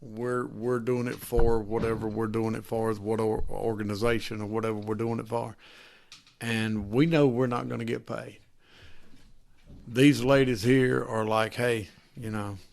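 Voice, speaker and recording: A man's voice: medium pitch, vocal fry. A man, a guest auctioneer talking in a rambling, folksy way. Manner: rambling, folksy, breaks into fast loud auction chant. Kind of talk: casual chat.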